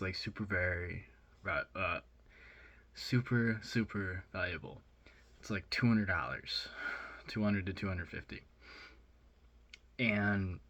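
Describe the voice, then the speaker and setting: A young man telling a rambling, excited story in a casual vlog, with lots of fillers. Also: lowish voice, highs cut off. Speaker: vlogger.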